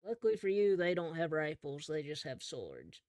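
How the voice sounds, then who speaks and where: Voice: mid-range voice, big pitch swings, normal speed, darkish tone, no room sound, clean studio sound. A game master narrating a tabletop game in an easygoing, second-person storytelling way.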